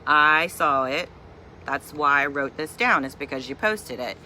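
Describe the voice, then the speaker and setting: A woman's voice: deep voice, animated, measured pace, sharp tone, slight background noise. A middle-aged woman and mother from Virginia, ranting in a chatty, exasperated, humorous way in a casual vlog at home. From Virginia, USA. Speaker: vlogger and mother.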